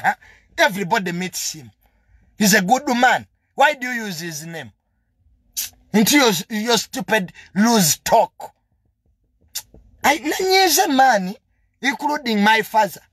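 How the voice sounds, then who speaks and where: A man's voice: sits high, fairly bright tone, dry recording, studio quality. A young man with a Ugandan accent delivering a heated, confrontational monologue full of emphatic repetitions. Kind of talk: heated monologue mixing English and Luganda.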